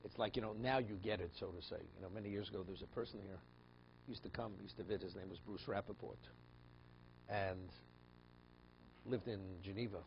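A man's voice: lowish voice, fairly even intonation, fairly quick, vocal fry, long pauses, slight background noise. A man, a rabbi, teaching a text study class, explaining passages phrase by phrase and telling stories in a conversational way with frequent restarts. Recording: dull lo-fi class recording.

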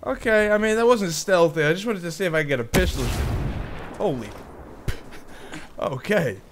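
A young man, a gaming YouTuber, chatting casually through gameplay with quick surprised exclamations. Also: high-pitched, lively intonation, noisy background. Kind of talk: live gameplay commentary.

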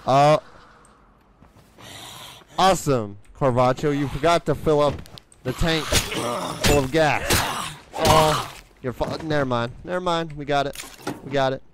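A man's voice: a little high, unhurried, long pauses, noisy background. A man with a Southern US accent giving casual, playful gameplay commentary and chatting to the game characters. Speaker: let's play gamer. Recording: game sound loud in the background. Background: game sounds.

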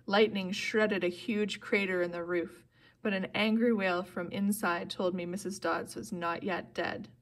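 In a steady, unhurried tone, a woman narrates a novel for an audiobook. She reads evenly but voices the characters with louder, higher bursts.

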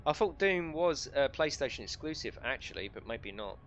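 A middle-aged man casually commentates a live game stream, joking and chatting with viewers, reading out the chat and laughing a lot. His medium-pitched voice is expressive and fairly bright at a normal speed, with lo-fi sound and a slight hiss or hum.

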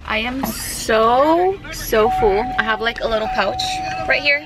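A woman's voice: on the high side, slow. A young woman chatting casually to the camera in a family vlog, bubbly and talkative, often cooing in baby talk to her little daughter. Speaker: vlogger mother. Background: loud background music.

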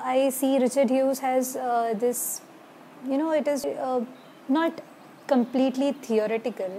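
A woman with an Indian accent gives an informal lecture with a fairly high, mellow voice. She talks haltingly, filling gaps with "uh" and "you know". A faint hiss sits under the recording. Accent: Indian English. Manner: hesitant, many fillers, switches between English and Hindi. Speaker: homeopathy lecturer. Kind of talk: casual online lecture.

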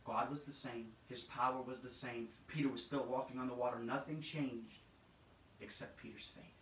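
A man preaching a sermon, dramatic and repetitive, swinging between shouts and hushed, low passages. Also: fairly even intonation, moderate pace, slight background noise. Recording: echoey room, mic at a distance.

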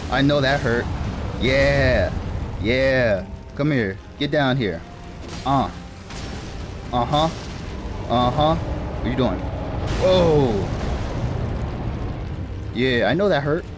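A man commentating live on his own gameplay, excitable, repeating phrases and swearing at the enemies on screen. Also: medium pitch, slow pace, long pauses, over music. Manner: excitable, repeats himself, swears and laughs at the game. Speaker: gamer.

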